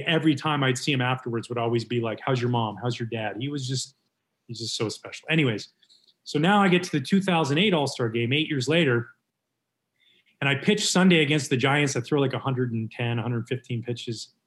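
Man, 40s, from Canada, former ballplayer guest; lively storyteller, mid-range voice. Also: medium pitch, fairly quick. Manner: animated, lively retelling with voiced quotes. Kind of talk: casual storytelling.

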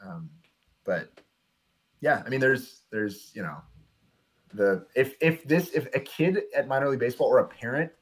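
A young man, a minor league pitcher, telling stories in a casual podcast interview with frequent fillers. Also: normal speed, long pauses. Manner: relaxed, rambling storyteller with frequent fillers.

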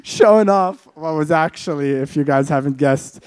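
Relaxed speaker laughing through a childhood story. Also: medium pitch, normal speed, clear, resonant tone. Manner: laughs while telling, relaxed. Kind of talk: casual storytelling chat.

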